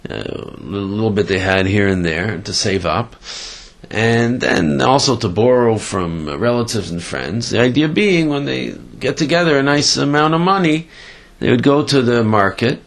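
A man telling a story in a Torah class, halting with many fillers and animated retelling. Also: mid-range voice. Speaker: Torah teacher.

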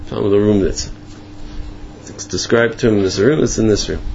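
A man telling a folk tale, halting. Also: fairly low pitch, vocal fry, a little mellow, slight background noise. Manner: halting, repeats words, many restarts. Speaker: storyteller. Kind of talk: oral folk tale told casually. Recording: muffled lo-fi with faint ambience.

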